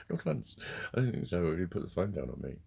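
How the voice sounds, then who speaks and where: A man's voice: low voice, gravelly, breathy edge. A man ranting casually in a sweary, heated way, telling a story with bursts of laughter. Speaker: vlogger.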